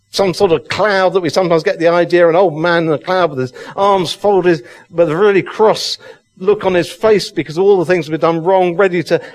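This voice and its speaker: A man preaching an Easter sermon, fervent and emphatic, repeating phrases for effect. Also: high-pitched. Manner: fervent, emphatic, slow deliberate delivery with repetition. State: excited.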